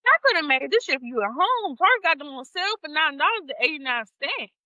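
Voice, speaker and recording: A woman's voice: high voice, very animated, fast, pushed and bright, dry recording. A woman co-hosting a podcast, ranting bluntly and with plenty of swearing in casual chat. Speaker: podcast co-host.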